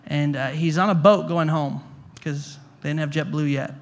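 A man's voice: fairly high pitch, fairly even intonation, normal speed, vocal fry. A male pastor preaching a sermon to a congregation in a conversational way, repeating words and asking the room questions. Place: church hall before a congregation.

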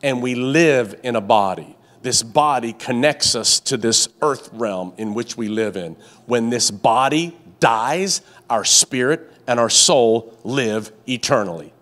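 A man's voice: mid-range voice, a little slow, few pauses, a bit bright. A male pastor preaching a sermon to a congregation in a church, with a repetitive cadence, call-and-response prompts and stammering restarts when worked up. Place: church sanctuary with live and online congregation.

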